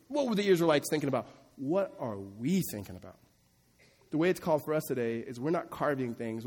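A male pastor preaches with animated, conversational energy, slipping into acted-out quotes. His voice sits a little high for a man. The sanctuary adds a long hall reverb to every phrase. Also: breathy edge. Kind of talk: sermon.

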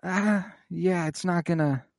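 A man's voice: sits high, slow, gravelly, no echo, clean studio sound. A man recapping a show in casual chat, rambling with many fillers.

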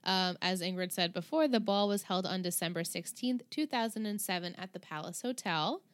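A woman's voice: lowish voice, a little fast, no echo. Chatty giggly woman co-host. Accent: New York. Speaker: podcast co-host. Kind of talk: casual chat.

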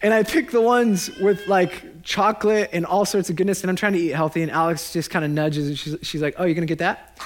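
High-voiced man preaching a jokey sermon. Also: brisk, few pauses, slight background noise. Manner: joking, animated, laughs at his own lines. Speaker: pastor.

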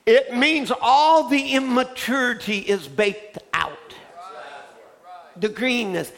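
Man, preacher, sermon, very high voice, bright forceful tone, fervent storytelling. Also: slow, vocal fry. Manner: storytelling that builds into fervent shouting.

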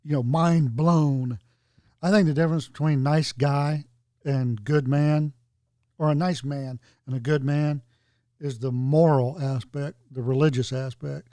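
A man's voice: on the high side, steady tone, unhurried, mellow, dry recording. A man co-hosting a casual podcast chat, thinking his points through aloud. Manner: thoughtful, reasoning aloud.

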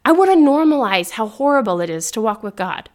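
A young woman hosting a faith podcast, talking earnestly and excitedly, often laughing and rising into eager exclamations. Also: fairly high pitch, brisk. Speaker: podcast host. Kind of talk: encouraging faith talk.

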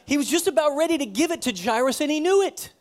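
A man, a pastor, preaching a sermon in a conversational, animated way, often repeating himself. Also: extremely high pitch, quick pace.

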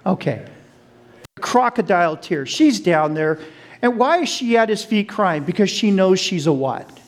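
Pastor, male, high voice, animated sermon storyteller who talks to the congregation. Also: measured pace. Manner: addresses the congregation directly.

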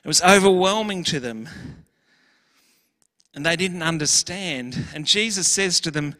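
A man preaches in a church, earnest and emphatic. His voice sits a little high and rings bright. The hall behind him lets every phrase trail off in a long echo. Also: expressive, normal speed. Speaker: pastor. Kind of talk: sermon.

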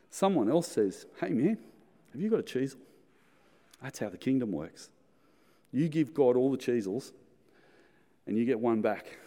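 A man's voice: sits low, mellow. A man with an Australian accent preaching a sermon as pastor, playful in his storytelling. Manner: playful storytelling with acted snack-sharing voices. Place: church hall. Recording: long church-hall reverb.

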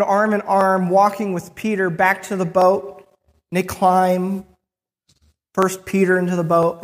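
A preacher retelling a Bible story in the first person, with frequent restarts and pauses. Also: mid-range voice, big-room sound.

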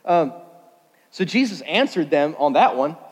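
A man preaching a sermon in a casual, jokey, animated way, often laughing at his own asides. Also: a little high, measured pace, husky. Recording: long hall reverb.

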